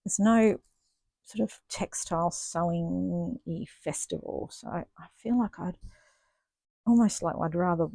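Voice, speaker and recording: Gravelly, mellow woman stitching. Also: lowish voice, a little slow, no room sound. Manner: chatty, thinking aloud, self-deprecating. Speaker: stitching vlogger. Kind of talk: casual chat while stitching. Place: home craft studio.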